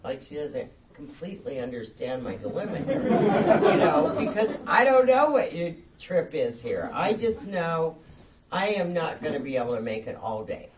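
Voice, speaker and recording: A woman's voice: sits low, big pitch swings, normal speed, a loud crowd. A woman guest speaker telling her own story at a meeting, candid and self-mocking, laughing as she talks. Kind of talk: personal storytelling talk. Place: meeting room. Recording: distant, dull, faint room hiss.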